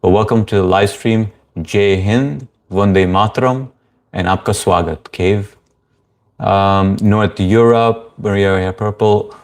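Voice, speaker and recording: Low-voiced man hosting a livestream. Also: steady tone, slow pace. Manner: easygoing, greets viewers by name, frequent fillers. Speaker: livestream host. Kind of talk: casual livestream chat, reading viewer comments aloud.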